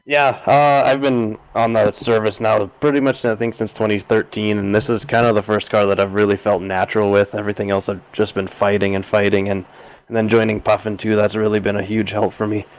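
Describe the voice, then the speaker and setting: A man's voice: fairly low pitch, flat delivery, brisk, low-quality recording. A man from southern Alberta with a Canadian accent, talking easygoing and modest in a post-race interview. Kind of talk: casual interview.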